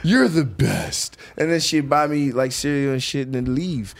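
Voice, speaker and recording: A man's voice: mid-range voice, normal speed, creaky. A man telling profane street stories in casual chat, acting out the voices of the people in them. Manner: profane, animated, acts out other people's voices. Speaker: podcast guest.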